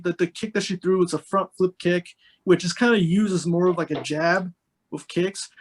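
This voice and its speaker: A man with a notably high voice talks in a loose, unscripted podcast chat. He circles his points with plenty of fillers and restarts, his words tumbling out as he thinks aloud. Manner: rambling, many fillers and restarts. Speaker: podcast co-host. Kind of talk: casual podcast discussion.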